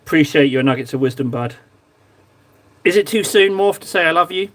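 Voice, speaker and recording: Painting miniatures on his livestream, a young man with a slightly high voice speaks fairly quickly with lively intonation. He keeps up playful, teasing banter with his viewers in a casual, joking manner.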